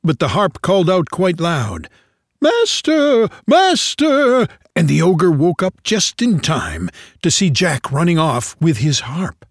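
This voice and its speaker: A man reading a fairy tale aloud in an expressive, unhurried storytelling manner. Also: a little high, breathy edge, no room sound, studio quality.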